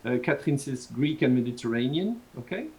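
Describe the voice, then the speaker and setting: This Southern French lecturer speaks briskly in a mid-range, slightly mellow voice with big pitch swings, teaching a university class over a video call with poor audio. His talk rambles and restarts often, with little chuckles between points.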